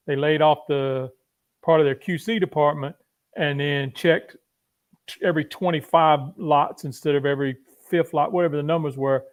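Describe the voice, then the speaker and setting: A man speaking as a guest on a casual online panel chat, explaining things with lots of fillers. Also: on the high side. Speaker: panel guest from pharmaceutical industry.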